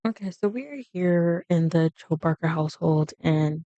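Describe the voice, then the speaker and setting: A woman chatting her way through a life-sim game, rambling with asides as she clicks around. Her voice is low and smooth, recorded dry and close. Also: moderate pace, warm tone, dry recording, lo-fi sound. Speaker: game streamer narrating gameplay. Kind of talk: casual let's-play commentary.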